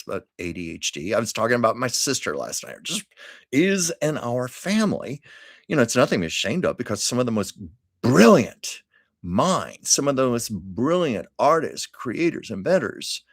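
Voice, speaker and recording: A man's voice: no echo, clean studio sound. A man hosting a casual livestream, chatting earnestly and encouragingly with viewers as he reads their comments. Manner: earnest, encouraging, lively pitch swings. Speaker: livestream host.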